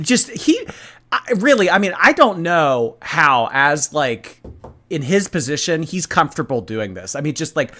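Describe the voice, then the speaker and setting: Animated sarcastic commentary host. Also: male voice, fairly high pitch. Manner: sarcastic, animated, laughing asides. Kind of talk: reaction commentary.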